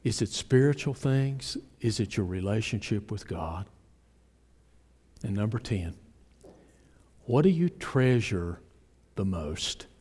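Slow, deliberate preacher man. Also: fairly low pitch, warm tone, husky. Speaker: pastor. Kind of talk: sermon.

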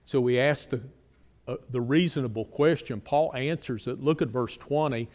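A man's voice: mid-range voice, normal speed, a little mellow, in a large hall. A man preaching a sermon, reading scripture aloud with strong emphasis and putting pointed questions to his congregation.

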